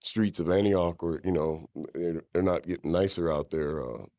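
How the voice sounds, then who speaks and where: A middle-aged man from California's East Bay, talking candidly about his life as a podcast guest. His voice is low and mellow, and it sounds dry and close to the microphone. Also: fairly even intonation, normal speed, no room sound. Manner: candid storyteller, drops into higher-pitched impressions of others. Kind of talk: conversational interview. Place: podcast studio.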